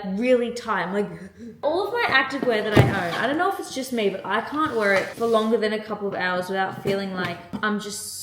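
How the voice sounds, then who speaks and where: A young woman in her twenties chatting casually for her vlog, gushing and filling her talk with "like". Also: mid-range voice. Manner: chatty, gushing, lots of "like" and gasps. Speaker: vlogger. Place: in a car. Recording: echoey room with clear background noise.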